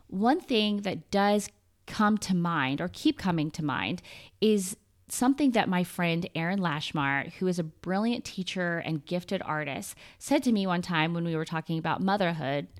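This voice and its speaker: A woman hosting her own podcast, talking through a personal monologue in an earnest, conversational way and often ticking through lists. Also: lowish voice. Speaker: podcast host. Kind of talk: scripted solo podcast monologue.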